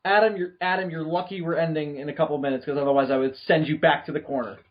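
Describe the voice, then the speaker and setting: High, husky man hosting a teasing chat. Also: fairly even intonation, quick pace. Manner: teasing, laughs often. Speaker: podcast host. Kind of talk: casual podcast chat. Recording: dull lo-fi podcast audio.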